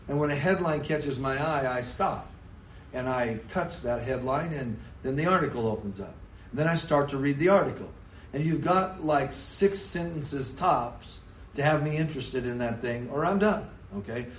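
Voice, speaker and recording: A man preaching a sermon in a conversational, storytelling manner, sometimes putting on quick mock voices for effect. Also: mid-range voice, a little hiss or hum. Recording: echoey room with faint ambience.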